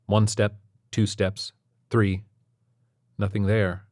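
Man with a low voice narrating a story. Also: flat delivery, slow pace, darkish tone, dry recording, clean studio sound. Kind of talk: scripted narration.

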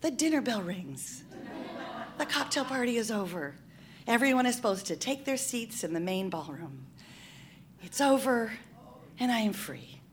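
A woman telling a comic story live, in an animated style, often laughing through her lines. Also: a little high, moderate pace, pauses often.

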